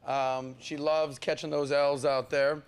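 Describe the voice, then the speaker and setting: A man hosting a podcast, energetic and playful, hyping up the audience and teasing his co-host. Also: fairly high pitch, unhurried, smooth. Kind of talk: hyped-up casual podcast hosting.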